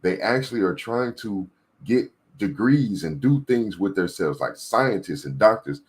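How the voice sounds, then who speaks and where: A man's voice: fairly low pitch, lively intonation, measured pace, slightly rough. A man giving a preachy political rant with emphatic repetition, often checking in with his listeners. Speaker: political commentator. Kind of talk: ranting commentary.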